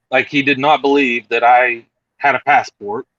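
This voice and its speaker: A man's voice: medium pitch, unhurried, no room sound, dull audio. A man telling a story in casual chat over a video call, acting out the other people in it. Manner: animated, acts out other people's lines.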